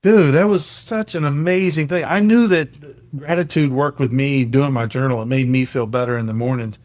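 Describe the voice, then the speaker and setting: A man's voice: medium pitch, moderate pace, darkish tone. A middle-aged man on a podcast, earnestly telling a family story and acting out the dialogue. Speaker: podcast host sharing a coaching program. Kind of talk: casual podcast chat, storytelling.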